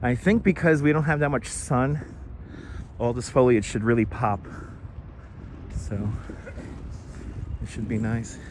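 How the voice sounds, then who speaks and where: This middle-aged man speaks at a medium pitch, unhurried and pausing often, as he cycles through a city park on a casual live stream. Wearing a wireless lapel mic, he reads out and thanks viewers over slight background noise.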